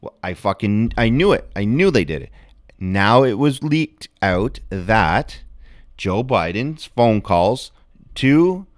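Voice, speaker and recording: Excitable low-voiced man ranting. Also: slow pace, no room sound, clean studio sound. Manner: excitable, swearing, rambling, animated outbursts. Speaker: livestream host. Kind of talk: casual livestream commentary.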